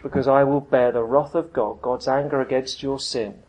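A man's voice: mid-range voice, steady tone, normal speed, darkish tone, lightly acted. A man preaching who voices Jesus in a blunt, chummy paraphrase full of slang, exasperated yet loving toward his disciples. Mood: earnest.

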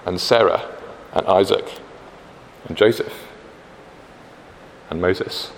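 A British man with a fairly low voice delivers a sermon in a loose, conversational way, often pausing on fillers and restarting his sentences. His voice carries a long reverb from a large hall, with faint noise underneath. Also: vocal fry. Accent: British English. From Britain. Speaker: preacher.

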